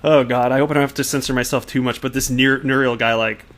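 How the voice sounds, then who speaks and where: A man at an everyday mid pitch runs a casual vlog segment, reacting to news items and online spats. He chuckles often and drops amused asides. He trips over his words and corrects himself along the way. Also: steady tone, fast, a bit bright. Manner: frequent restarts and self-corrections. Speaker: crypto news channel host. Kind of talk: casual commentary on news and tweets.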